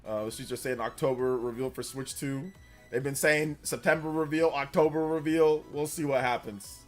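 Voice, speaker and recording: A man's voice: mid-range voice, fairly even intonation, moderate pace, faint music behind. A man in his forties hosting a gaming livestream, chatting casually in a blunt, rambling way that repeats itself.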